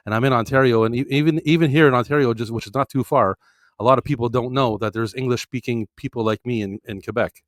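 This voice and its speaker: A man's voice: medium pitch, quick pace, dry recording, studio quality. A man, a guest in a casual interview, rambling and blunt, swearing freely. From Montreal, Canada.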